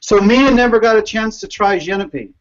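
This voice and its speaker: A man's voice: high-pitched, fairly quick, lo-fi sound. A man on a casual video call, rambling through a story and laughing often. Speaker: guest.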